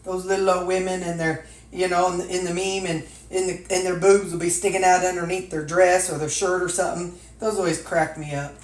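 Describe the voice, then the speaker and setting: A woman's voice: fairly low pitch, little pitch movement, fairly quick, hardly any pauses, a little mellow. An older woman, chatting casually and folksily to her viewers while she packs meals in her home kitchen. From Missouri, USA. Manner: folksy, chatty, talks to herself, drawling asides. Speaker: weight-loss vlogger. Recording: echoey kitchen with clattering dishes.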